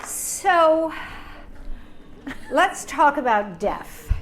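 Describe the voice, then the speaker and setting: A woman hosting an onstage interview with authors, asking measured, reflective questions. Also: high voice, very animated, faint music behind. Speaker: host, interviewer. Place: small event room.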